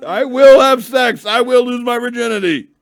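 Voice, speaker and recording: A man putting on the voice of an eager young groom who makes loud, slow, emphatic declarations. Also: very high voice, gravelly, dry recording, voice pushed up. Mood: giddy.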